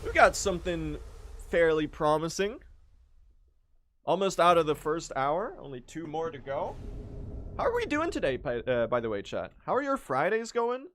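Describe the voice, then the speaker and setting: A man's voice: on the high side, sing-song, normal speed, a bit bright, slight background noise. A young man doing live, joking gameplay commentary as a speedrun streamer. He chats to his viewers and swears casually.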